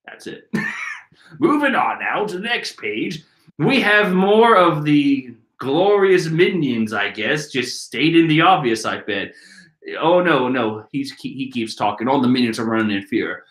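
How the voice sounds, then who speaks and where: A man giving comedic, profane commentary as he reads a manga chapter, swinging from mumbles to shouts. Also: on the high side, sing-song, a little slow. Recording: roomy echo.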